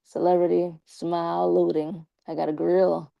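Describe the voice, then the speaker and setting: A woman's voice: fairly low pitch, little pitch movement, a little slow, gravelly, no room sound, dull audio. A young woman live streaming and chatting casually with her viewers, slangy and talkative, with a slight lisp from her braces. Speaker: live streamer talking to chat.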